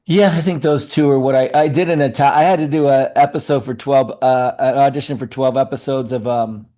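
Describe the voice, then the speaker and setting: Middle-aged actor dude chatting in an interview, mellow warm voice, lots of um and like. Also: male voice, mid-range voice. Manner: animated, talks fast with many fillers and restarts. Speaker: actor and acting coach. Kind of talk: casual interview chat.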